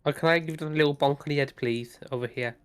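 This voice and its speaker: Smooth-voiced cheerful player. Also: male voice, on the high side, fairly even intonation, quick pace. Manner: cheerful, playful. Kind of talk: casual tabletop play.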